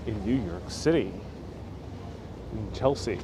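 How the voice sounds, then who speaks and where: Walking down a city street outdoors, a male host runs a live walking tour stream, rambling as he chats and reading viewer comments aloud. His medium-pitched voice has a darkish tone and lively intonation at a measured pace, picked up on a wireless lapel mic with slight background noise.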